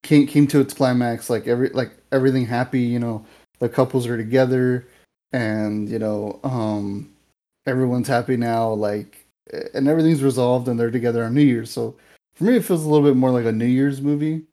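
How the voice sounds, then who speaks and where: Young male podcast co-host, relaxed dark tone, loose and filler-heavy. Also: mid-range voice, a little fast. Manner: rambling, filler-heavy, animated retelling. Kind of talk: casual movie review chat.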